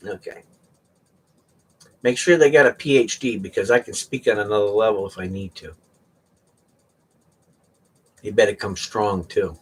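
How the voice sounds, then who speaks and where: A middle-aged man hosts a live auction stream, chatting casually and rambling through joking stories while laughing a lot. His voice is husky, fairly low in pitch, with a fairly bright tone.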